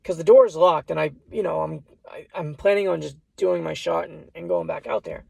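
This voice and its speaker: A man's voice: on the high side, a little fast, gravelly, darkish tone, dry recording. A man casually telling a personal story, rambling and restarting his lines, often repeating "I said".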